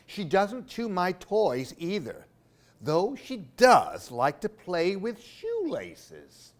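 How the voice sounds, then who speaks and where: A man's voice: high-pitched, wildly swooping pitch, slow pace. A man reading picture books aloud for children, with playful asides to young listeners. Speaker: library storytime reader.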